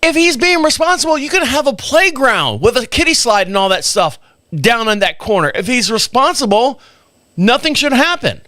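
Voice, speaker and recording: A man's voice: extremely high pitch, moderate pace, no room sound, studio quality. A man hosting a podcast live stream, telling stories in a casual way, chuckling and acting out the dialogue. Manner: animated, chuckles, acts out dialogue. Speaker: podcast host.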